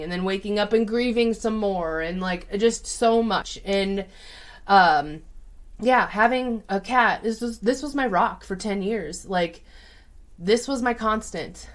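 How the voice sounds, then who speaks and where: A woman who reads tarot as a psychic, telling a personal story in a casual, chatty way with many fillers. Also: medium pitch.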